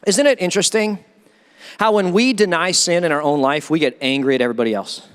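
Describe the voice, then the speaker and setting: The pastor's voice is fairly high-pitched with a clean tone, and he speaks at a quick pace. Giving a sermon in a church sanctuary, he talks emphatically and conversationally, asking many rhetorical questions amid the long reverb of a church hall.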